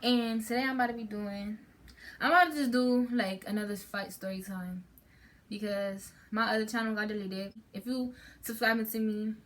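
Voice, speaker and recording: A woman's voice: mid-range voice, steady tone, moderate pace, a bit bright. A teenage girl chats to her channel, telling a story in a loose, rambling way. She keeps stopping to restart her sentences, and she fills the gaps with "like" and "um". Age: teens. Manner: chatty, rambling with many fillers and restarts. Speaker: vlogger. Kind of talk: casual storytime chat.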